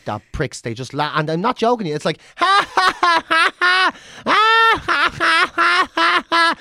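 Sweary Dublin man, lively pitch. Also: no room sound. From Ireland. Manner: sweary, exasperated storytelling. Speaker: podcast co-host. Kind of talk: casual chat.

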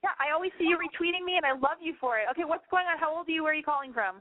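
A woman hosts a call-in advice show, ranting bluntly and swearing freely. Her voice sits a little high. It comes through a narrow, dry, phone-like line. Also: rapid-fire, no room sound. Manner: blunt and swearing, ranting, mimics callers with squeals. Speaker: radio call-in advice host.

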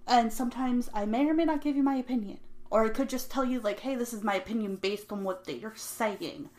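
A woman's voice: on the high side, brisk, darkish tone, slight background noise. A young woman hosting a casual true-crime podcast, talking in a rambling, nervous, self-deprecating way. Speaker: podcast host. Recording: echoey room.

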